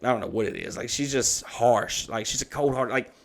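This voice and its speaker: A man's voice: mid-range voice, a little fast, creaky. A man in his thirties, hosting a podcast, telling a story casually with lots of swearing and acted-out quotes. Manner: profane, animated retelling with put-on quotes. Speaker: podcast host.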